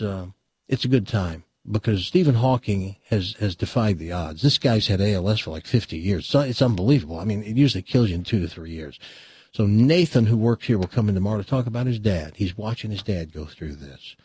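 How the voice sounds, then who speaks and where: Husky-voiced man hosting radio talk. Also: fairly low pitch, mellow, no room sound. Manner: folksy storyteller, acts out quotes. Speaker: radio show host. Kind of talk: casual radio talk and joke telling. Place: radio studio.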